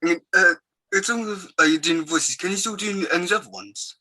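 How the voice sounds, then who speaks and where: A male interviewer with a slightly high, very bright voice asks his questions tentatively, hedging before he gets to the point. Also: fairly quick, rough recording.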